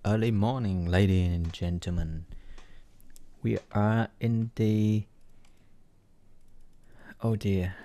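A man casually commenting on his gameplay, hesitant and muttering, with many ums and pauses. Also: deep voice, warm tone, dry recording.

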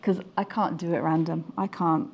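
A woman's voice: lowish voice, fairly even intonation, moderate pace, vocal fry, darkish tone, husky, lo-fi sound. Woman as a craft-show demonstrator, casual and chatty, talking through her sewing. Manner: chatty, self-deprecating, explains while sewing. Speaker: quilting demonstrator.

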